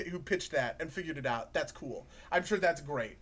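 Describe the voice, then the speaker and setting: A man co-hosting a casual games podcast, animated and swearing freely as he talks. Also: fairly high pitch, brisk, hardly any pauses. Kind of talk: casual chat about video games.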